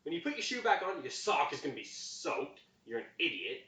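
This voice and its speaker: A man's voice: on the high side, fairly quick. A young man from Canada co-hosting a podcast, telling stories in a casual, ranting way. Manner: animated storyteller, ranting. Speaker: podcast co-host. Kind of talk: casual chat. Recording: echoey room, distant muffled mic.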